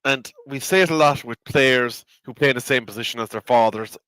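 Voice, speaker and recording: This co-host speaks with a bright, crisp, clear voice, blunt and opinionated as he banters through a live football watchalong. The sound is dry and close, with no room echo. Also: mid-range voice, brisk. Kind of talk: casual football watchalong chat.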